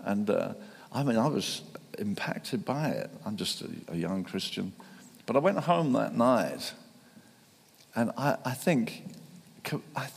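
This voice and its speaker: A man preaches with a gravelly, husky voice that keeps catching on restarts before it swells into fervent emphasis. His words ring out with a long reverb through a large hall. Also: lowish voice. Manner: halting with many restarts, building to fervent emphasis. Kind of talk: sermon.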